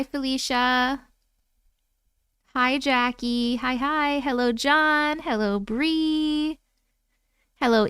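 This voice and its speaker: High-voiced woman hosting a casual livestream. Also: a bit bright, no echo, clean studio sound. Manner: greets viewers one by one by name. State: low energy. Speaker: livestream host. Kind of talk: casual livestream chat with viewers. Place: home, at her computer.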